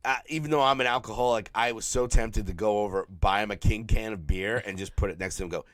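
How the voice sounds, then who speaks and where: New man, podcast co-host, low-ish voice, tired throat, profane, animated storytelling, dry close mic. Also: quick pace, no room sound. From New York. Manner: profane, animated storyteller who mimics people. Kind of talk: casual storytelling chat.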